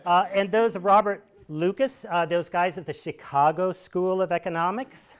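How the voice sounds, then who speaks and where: Wry higher-voiced American man telling stories. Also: steady tone, moderate pace, few pauses, clear, resonant tone. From United States. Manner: wry, digressive, chuckling asides. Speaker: solo performer speaking to an audience. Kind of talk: conversational storytelling monologue. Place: small shabby theater.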